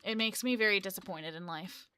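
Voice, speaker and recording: A woman's voice: medium pitch, fairly quick, sharp tone, a little hiss or hum. A woman in her twenties chatting casually on a live stream, rambling and correcting herself as she goes. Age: 20s. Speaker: live streamer and game developer.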